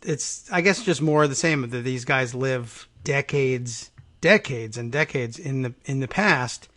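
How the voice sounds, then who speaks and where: A man hosting a casual political talk show, agreeing often and retelling news with quick quoted asides. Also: mid-range voice, bright, forceful tone. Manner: agreeable, chuckling, slips into quoted voices. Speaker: radio talk show host.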